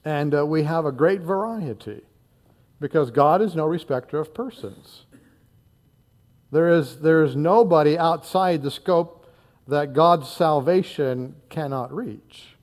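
A man's voice: fairly high pitch, measured pace, a little mellow. A man in his sixties from northern Indiana, preaching a sermon in an earnest, conversational way with frequent fillers and repeated words. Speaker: pastor.

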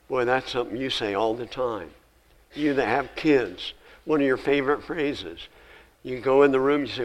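A male pastor preaching a sermon, reading scripture with rising emphasis and dropping to quiet, conversational asides. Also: mid-range voice, expressive, normal speed, rough recording.

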